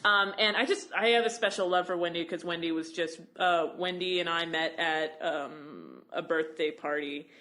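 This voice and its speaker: A woman, a voice actor and director co-hosting a podcast, telling anecdotes in a lively way and laughing as she talks. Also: lowish voice, normal speed, hardly any pauses. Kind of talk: casual podcast chat, storytelling.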